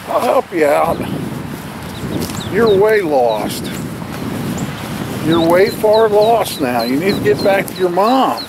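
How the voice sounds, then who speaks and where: A man outdoors by a creek, gently coaxing a lost duckling and a squirrel while filming. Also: sits high, very animated, takes it slowly, pauses often. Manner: coaxing, soft-spoken, talks to animals like pets. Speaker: nature vlogger. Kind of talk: casual talk to animals. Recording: outdoor camera audio with stream noise.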